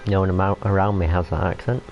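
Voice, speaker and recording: A man's voice: deep voice, fairly even intonation, fast, faint music behind. A young man rambling in casual chat while streaming a train game, talking to the characters on screen. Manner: rambling, chatty, talks to the game. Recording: muffled lo-fi, faint hiss.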